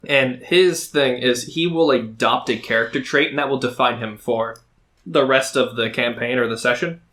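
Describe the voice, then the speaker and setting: Chatty guy on a podcast, bright forceful voice, rambles with fillers. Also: lowish voice. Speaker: podcast co-host and dungeon master. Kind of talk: casual podcast chat.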